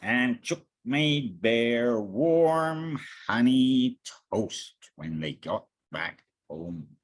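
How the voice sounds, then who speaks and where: A storybook reader telling a picture book aloud very slowly, with voiced sound effects. The voice is husky and its pitch swoops widely across each phrase. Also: dry recording. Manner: slow, expressive, with sound effects.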